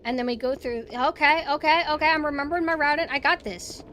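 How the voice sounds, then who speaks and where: A young woman streaming a horror game, chatting casually and excitably as she plays. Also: sits high, quick pace, a little hiss or hum. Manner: chatty, excitable, cheering her dog on. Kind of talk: casual gameplay commentary.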